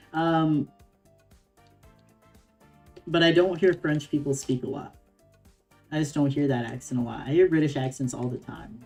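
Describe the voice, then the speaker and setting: A woman's voice: sits low, fairly even intonation, moderate pace, long pauses, darkish tone, soft background music. A young woman streamer reading a game story aloud with giggly, chatty reactions.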